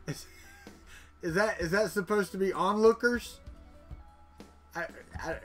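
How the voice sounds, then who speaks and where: A man's voice: high voice, unhurried, long pauses, fairly bright tone, faint music behind. A man hosting a casual livestream, chatting and joking with viewers as he reads their comments aloud. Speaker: livestream host. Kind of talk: casual live chat with viewers.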